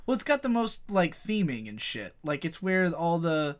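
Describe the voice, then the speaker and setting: A man's voice: fairly high pitch, sing-song, moderate pace. Rambling, profane young man gaming. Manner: rambling, profane, laughs often. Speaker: co-host playing a fighting game. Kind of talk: casual chat over gameplay.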